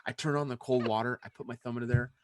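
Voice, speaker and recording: A young adult man co-hosting a podcast in casual chat, telling a story in an animated way and acting out the lines he quotes. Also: medium pitch, fast talker, no room sound, studio quality. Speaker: podcast co-host.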